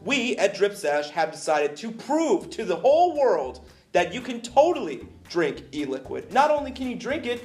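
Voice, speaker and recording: A young man co-hosting a casual podcast, telling animated stories and putting on voices for the people in them. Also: moderate pace, faint music behind. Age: young adult. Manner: animated storyteller, acting out people in high voices. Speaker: podcast co-host. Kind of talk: casual chat. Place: vape shop area in Florida.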